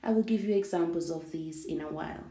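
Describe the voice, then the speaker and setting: A woman teaching an English grammar lesson, explaining slowly and glossing words in Spanish. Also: deep voice, warm tone. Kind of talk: language lesson. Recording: echoey room.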